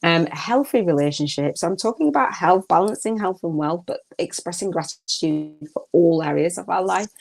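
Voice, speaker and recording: A woman's voice: on the low side, moderate pace, gravelly, few pauses. A middle-aged woman hosting a live gratitude talk, chatty, with many fillers and laughs. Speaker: podcast host.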